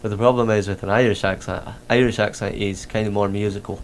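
A man's voice: lowish voice, steady tone, fast talker, slight background noise. A man hosting a podcast in casual chat, rambling with lots of fillers and restarts. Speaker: podcast host.

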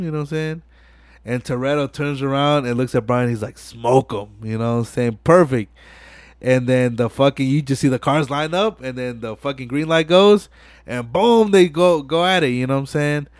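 A young man hosting a casual podcast, retelling movie scenes in an animated way and acting out the dialogue with lots of swearing. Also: medium pitch, a little fast, no echo. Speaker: podcast host. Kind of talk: casual chat.

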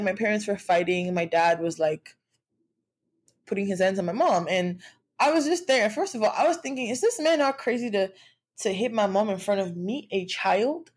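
A young woman from Nigeria telling a personal story in a candid, conversational vlog, with frequent fillers and restarts. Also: fairly low pitch. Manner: occasional laughs while speaking. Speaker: vlogger.

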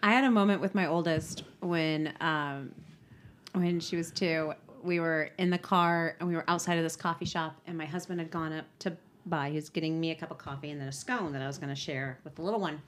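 A woman's voice: deep voice, steady tone, fairly quick. Wry woman storyteller, faint noise. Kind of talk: casual chat.

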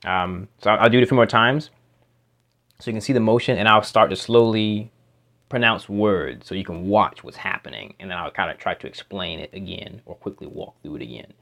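Low-voiced man teaching pronunciation slowly. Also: creaky, a bit bright. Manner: slow, demonstrative, repeats sounds and words for practice. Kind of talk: instructional explanation. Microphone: home microphone.

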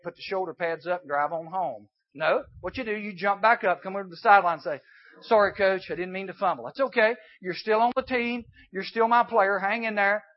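A man giving an emphatic sermon at a youth camp, swinging between hushed and loud. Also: high voice. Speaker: camp speaker. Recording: dull lo-fi recording.

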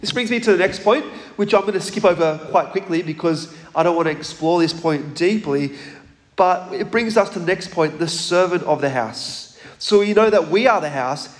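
A man preaching a sermon in a church, measured and emphatic, asking the congregation questions. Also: sits high, big-room sound.

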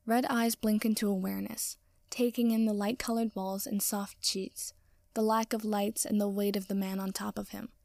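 Soft-spoken woman reading a story. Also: mid-range voice, little pitch movement, creaky, dry recording, studio quality. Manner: soft, slow, often drops to a whisper. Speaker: narrator. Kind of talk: reading fan fiction aloud.

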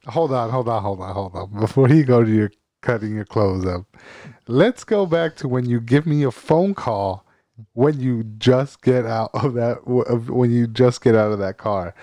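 Male, casual chat, excitable and laughing, mid pitch, dry close sound. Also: moderate pace, dry recording. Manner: excitable, laughs while telling, mimics others. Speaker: older brother of the storyteller.

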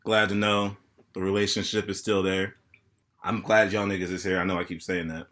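A man's voice: low-pitched, level tone, brisk, a bit bright. A man in his thirties hosting a casual podcast chat among friends, easygoing and rambling, laughing often. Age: 30s. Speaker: podcast host and bartender.

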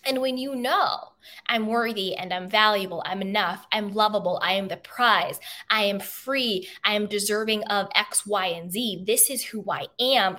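A woman's voice: medium pitch, pushed and bright. A woman hosting a self-help podcast, talking in an emphatic, motivational way and repeating key phrases for effect. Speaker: podcast host.

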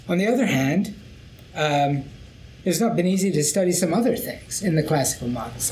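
Measured man hosting a science podcast. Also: fairly high pitch, slight background noise, rough recording. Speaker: podcast host. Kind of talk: academic panel podcast.

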